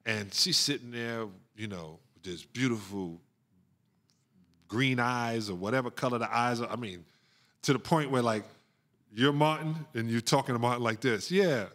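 A middle-aged man, a guest on a podcast, telling stories in an animated way, laughing often and acting out the people he quotes. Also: mid-range voice, moderate pace. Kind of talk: storytelling in a podcast interview.

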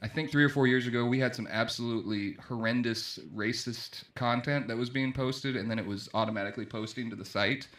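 Host type, man, wry banter on reader comments, bright voice, echoey room. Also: mid-range voice, fairly even intonation, a little fast, few pauses. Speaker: newspaper podcast host. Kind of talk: casual news chat.

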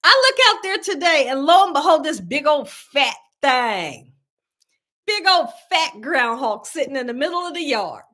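Woman, livestream host, casual storytelling, high voice, very animated pitch. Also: unhurried. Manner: animated, exclamatory, addresses viewers as y'all. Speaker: cooking channel host.

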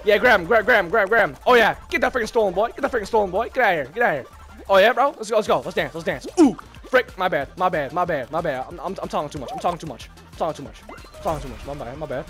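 Man, very high voice, lively swings, bright tone, hyped gameplay commentary, game music behind. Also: very fast. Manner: loud, hyped, repeats phrases, shouts often. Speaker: gaming channel host. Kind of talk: excited gameplay commentary with a friend.

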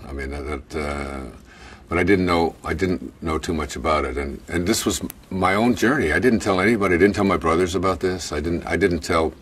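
A man casually recounting a personal story, halting and restarting with many fillers and little chuckles. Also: a bass voice, fairly bright tone, distant mic, slight background noise.

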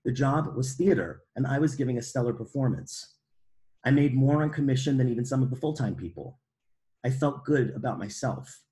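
A middle-aged man from Brooklyn reads from his own memoir. His voice sits at an ordinary middle pitch, and his delivery is measured and precise, with a dry, wry edge. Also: dark tone. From Brooklyn, New York. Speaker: author reading his memoir. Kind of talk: literary memoir reading.

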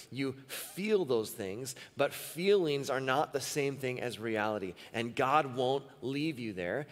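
A man preaching a sermon as pastor at a church service, earnest and repeating phrases for emphasis. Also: mid-range voice. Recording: long reverb of a church hall.

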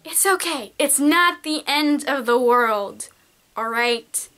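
A woman's voice: high voice, expressive, slow pace, sharp tone. A teenage girl giving casual, peppy, encouraging art advice straight to her viewers. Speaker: art vlogger. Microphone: camcorder mic.

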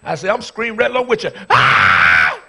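A pastor in his fifties preaching a sermon, telling stories with bursts of shouting before moving into a fervent prayer. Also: very high voice, very fast, creaky, breathy edge. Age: 50s.

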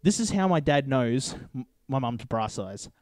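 A man's voice: medium pitch, expressive, normal speed, a little mellow, no echo. An Australian man telling a story in a casual podcast chat over beers, often checking in with his listeners. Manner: chatty storyteller, keeps checking in with "right?". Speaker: podcast co-host.

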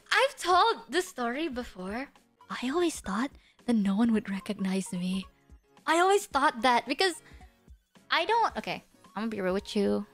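A woman vtuber streamer chatting casually and rambling with lots of fillers and laughs, sometimes dropping to a whisper. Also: high voice. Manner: drops to a hushed whisper at times. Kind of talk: casual livestream chat.

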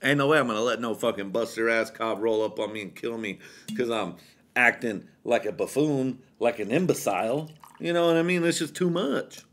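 A man's voice: medium pitch, moderate pace, a bit bright. Young man, podcast host, tipsy, rambling, profane, loose casual storytelling. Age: young adult. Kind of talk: casual chat.

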